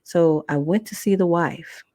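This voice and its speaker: Animated woman telling a personal story. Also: a little slow, no room sound, studio quality. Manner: animated, acts out quotes with big pitch jumps; conversational, colloquial, with restarts. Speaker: podcast host.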